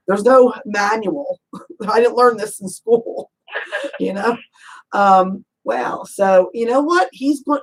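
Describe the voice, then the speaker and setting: A woman's voice: mid-range voice, low-quality recording. A woman working as a psychic medium, giving a casual reading in a chatty way, laughing often and calling the listener honey. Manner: chatty, warm endearments, frequent "you know"; laughs easily, asks rapid probing questions.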